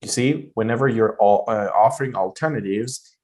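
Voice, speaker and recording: A man's voice: on the low side, normal speed, darkish tone. A man with a Vietnamese accent teaching pronunciation for an exam, explaining loosely with many fillers. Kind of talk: spoken exam-prep lesson.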